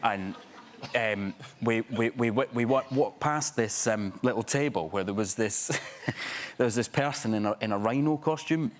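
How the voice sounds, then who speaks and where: A Scottish actor telling anecdotes on a chat show sofa, chatty, with plenty of false starts. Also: male voice, lowish voice, measured pace. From Scotland. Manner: chatty storyteller, many restarts. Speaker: actor guest.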